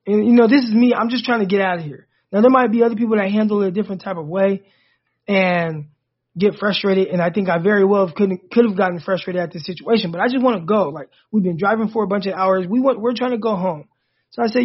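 A man in his thirties, co-hosting a podcast and telling a personal story in a casual, animated way that rises sharply when he gets indignant. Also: high voice, brisk. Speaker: podcast co-host. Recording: dull lo-fi sound.

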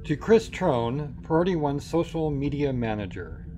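A man's voice: fairly high pitch, sing-song, measured pace, a little hiss or hum. A man co-hosting a podcast, reading a recruitment promo and rambling in banter. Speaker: podcast co-host.

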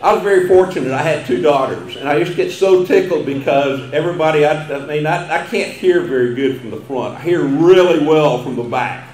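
A man's voice: fairly high pitch, brisk, hardly any pauses, a little mellow. Older Texan man, folksy after-dinner storyteller who chuckles often, recorded in a roomy banquet hall. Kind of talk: humorous banquet speech.

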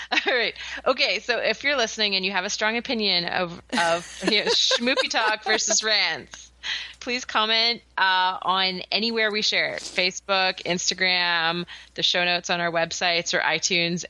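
A woman's voice: fairly low pitch, normal speed, sharp tone, dry recording. A woman co-hosting a podcast in upbeat casual chat, laughing often. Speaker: podcast co-host.

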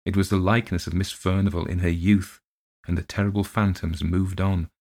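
A man narrating a ghost story as an audiobook reading, in a measured, steady storytelling manner with dramatic swells. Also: low voice.

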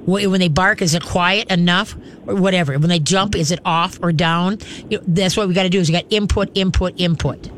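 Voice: medium pitch, fairly even intonation, a little fast, a bit bright, slight background noise. A radio host and dog trainer giving chatty, hands-on advice to callers on a call-in show. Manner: chatty and instructive, acts out dog commands.

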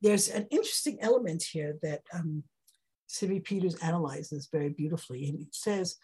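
A woman's voice: deep voice, normal speed, mellow, breathy edge. A woman teaching a Torah class in a conversational, heartfelt way. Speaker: Bible teacher.

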